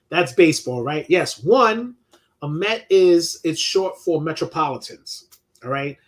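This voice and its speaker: A man's voice: a little high, animated, a little slow. Swearing New man chatting casually. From New York. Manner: laid-back, swears freely, many restarts and laughs. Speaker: host reading chat questions. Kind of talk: casual live-stream chat.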